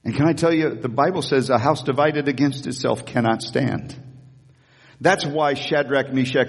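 A man pastor preaching an animated sermon, retelling a story with asides, repeating key lines for emphasis. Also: mid-range voice, husky, long reverb tail. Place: church sanctuary.

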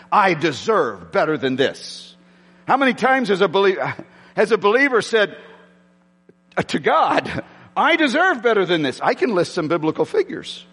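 A man's voice: high-pitched, fairly bright tone, slightly rough, in a large hall. A man preaching a sermon with passion, shifting into dramatic readings of scripture in a church sanctuary. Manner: impassioned, dramatic shifts when quoting scripture. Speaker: pastor.

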